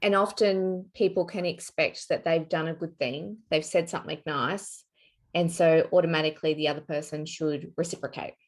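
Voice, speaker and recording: Woman interview host, lowish voice, thoughtful and agreeable. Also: steady tone, moderate pace. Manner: affirming, thoughtful, frequent agreeing. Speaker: podcast host. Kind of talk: interview conversation.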